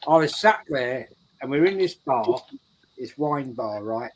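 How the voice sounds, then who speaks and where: A man's voice: mid-range voice, lively intonation, a little slow, low-quality recording. A man telling a rambling story in casual chat, repeating his words as he goes. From England. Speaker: show regular. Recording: faint background noise.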